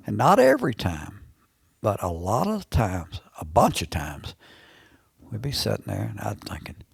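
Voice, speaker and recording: A man's voice: fairly low pitch, big pitch swings, unhurried, creaky, slightly rough, no echo. A man in his sixties with an Alabama Southern accent, telling stories as an interview guest, rambling and often repeating and restarting his phrases. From Alabama, USA. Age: 60s. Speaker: guest, veteran turkey hunter. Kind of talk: casual storytelling in a podcast interview.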